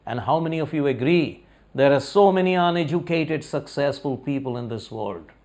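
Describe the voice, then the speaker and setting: A man's voice: a little high, lively intonation, moderate pace, a little mellow. A man giving a motivational talk, telling a story and putting rhetorical questions to his audience. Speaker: motivational speaker.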